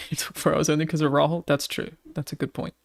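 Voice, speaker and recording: Australian woman streamer with a creaky, gravelly voice; chatty and swears freely. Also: sits low, flat delivery, fast talker. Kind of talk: casual chat to a live stream audience.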